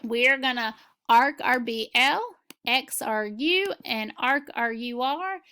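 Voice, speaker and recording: A woman's voice: fairly high pitch, slow pace, sharp tone, clear, resonant tone. A woman teaching a phonics lesson, patiently sounding out letters and reading words aloud for learners to repeat. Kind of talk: slow, clear classroom instruction.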